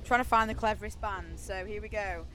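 A woman's voice: medium pitch, sharp tone, slight background noise. A woman interviewing a band outdoors at a music festival, chatty and jokey, running a quiz. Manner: chatty, jokey, quick asides.

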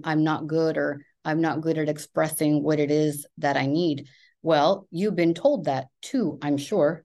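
A woman's voice: deep voice, darkish tone. A woman therapist in her thirties or forties giving candid, emphatic advice in casual conversation, swearing freely. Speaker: therapist, podcast guest.

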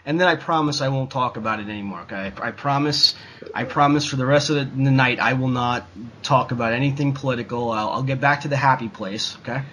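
A man's voice: medium pitch, quick pace, a bit bright, a little hiss or hum, poor audio. A man ranting in a casual talk show, swearing constantly and rambling with lots of fillers. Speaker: podcast co-host. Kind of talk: profane casual rant.

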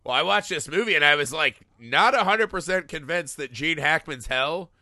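A man's voice: a little high, lively intonation, normal speed, sharp tone, dry recording, studio quality. A man co-hosting a casual film discussion, irreverent and profane, laughing often. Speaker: podcast co-host.

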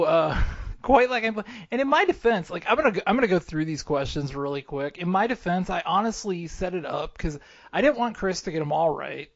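A man's voice: a little high, vocal fry, lo-fi sound. A man co-hosting a podcast in casual chat, rambling and explaining himself with lots of fillers. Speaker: podcast co-host.

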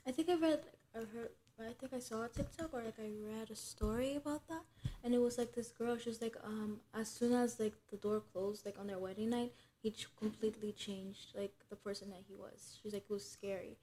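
Chatty young woman, slightly high voice. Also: fairly quick, dark tone, slight background noise. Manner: chatty, many "like" fillers, thinks aloud. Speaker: podcast co-host. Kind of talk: casual chat.

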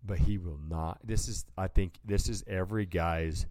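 A man's voice: low-pitched, steady tone, normal speed, darkish tone, no echo, clean studio sound. A man co-hosting a podcast in casual chat, rambling through stories and acting out what people said. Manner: rambling storyteller, acts out quotes, says "dude". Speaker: podcast co-host.

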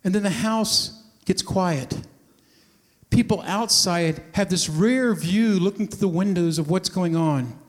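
A man with a high voice preaches to a congregation, telling a story and slipping into the voices of its characters as he goes. His words ring out with a long reverb, the sound of a large hall. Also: unhurried. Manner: storytelling, acting out voices of the scene. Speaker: pastor. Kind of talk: sermon.

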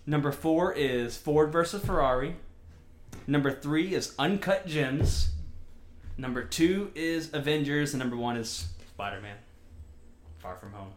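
A man with a fairly high voice chats casually, laughing a lot and swearing freely as he rambles on. The room around him is roomy and echoey. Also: unhurried. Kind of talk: casual chat.

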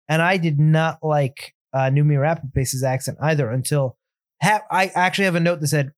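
A man's voice: on the high side, steady tone, a little fast, dry recording. Blunt opinionated man, dry close sound. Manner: blunt, opinionated, laughs often. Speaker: podcast co-host. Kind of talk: casual film review chat.

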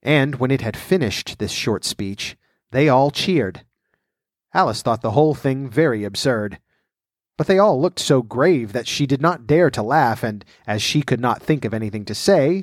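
A man reading a classic children's story aloud in a measured, unhurried way. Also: mid-range voice, expressive, no room sound, clean studio sound. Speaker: podcast storyteller.

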